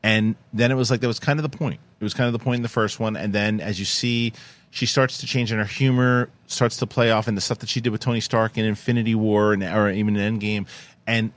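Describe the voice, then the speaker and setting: A man's voice: lowish voice, flat delivery, fast talker. A man hosting a casual film discussion, enthusiastic and rambling, with frequent restarts. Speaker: podcast host.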